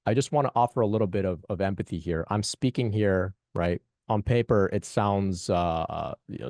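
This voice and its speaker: Man host, low mellow voice, dry close sound, halting reflective talk for a spiritual group call, repeats himself. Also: dry recording. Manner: halting, repeats phrases, asks "right?".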